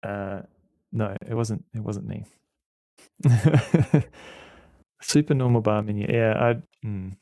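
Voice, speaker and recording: Gravelly-voiced man streamer, joking. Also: on the low side, slow pace, long pauses, warm tone, dry recording. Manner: joking, self-mocking, stammers and repeats words. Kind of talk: casual gameplay commentary.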